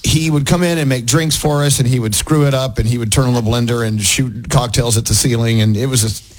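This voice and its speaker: A man's voice: mid-range voice, fairly even intonation, brisk, poor audio. A middle-aged man co-hosting a radio morning show, chatting with a caller and telling stories with frequent restarts. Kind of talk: casual on-air banter with a caller.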